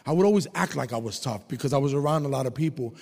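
A man preaching a testimony sermon, telling his story with animated delivery and shouting at high points. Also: racing, creaky, in a large hall.

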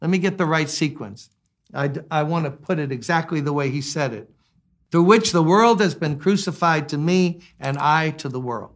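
A man in his sixties preaching a sermon, animated, swinging between loud exclamations and quiet asides. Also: a little high, moderate pace. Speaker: pastor.

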